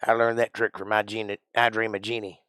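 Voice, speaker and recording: A middle-aged man from Georgia with a Southern accent, chatting playfully and rambling on his livestream, now and then bursting out loud. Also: on the low side, level tone, fairly quick, clear, resonant tone, no room sound, clean studio sound. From Georgia, USA. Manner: playful, rambling, jokey with sudden loud outbursts. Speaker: livestream host. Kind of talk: casual livestream chat.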